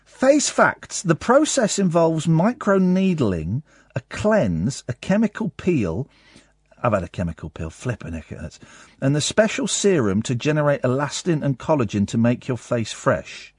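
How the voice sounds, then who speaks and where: Husky, lively English radio host. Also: male voice, fairly high pitch, measured pace, no room sound, clean studio sound. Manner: jokey, mischievous, playful asides. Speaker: radio talk show host. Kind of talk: comedic live radio chat. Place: radio studio.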